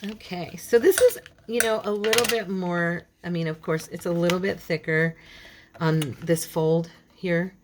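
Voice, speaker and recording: A woman hosting a casual crafting tutorial, chatting and talking to herself as she works, with a frog in her throat that keeps her clearing it. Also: lowish voice, steady tone, unhurried, noisy background. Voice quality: chatty, talks to herself while working. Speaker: craft channel host.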